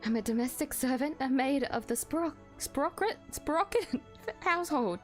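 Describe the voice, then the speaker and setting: A prim young maid from a visual novel, polite and composed, speaking slowly, as a woman gamer reads her. Her voice sits fairly high and stays close to the reader's own. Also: lively intonation, soft background music.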